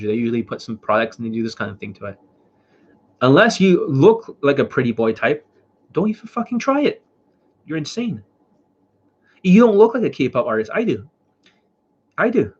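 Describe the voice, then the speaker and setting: A man's voice: medium pitch, slightly rough. A man who is unwell and coughing, doing a livestream question-and-answer as a dating coach, talking bluntly with lots of profanity. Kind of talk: livestream Q&A talk. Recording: dull lo-fi sound.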